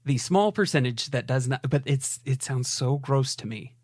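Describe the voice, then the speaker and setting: A man's voice: mid-range voice, normal speed, no room sound, studio quality. An American man co-hosting a podcast, talking in a rambling, hedging, self-deprecating way. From United States. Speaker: podcast co-host. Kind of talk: casual chat.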